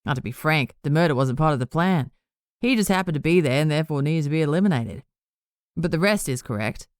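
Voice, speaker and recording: A woman's voice: low voice, lively intonation, a little fast, a little mellow, no room sound, studio quality. A woman voicing a smug, boastful male warlock leader in an audiobook, talking down to others in a casual, patronizing way. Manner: patronizing, casual and self-satisfied. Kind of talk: audiobook character reading.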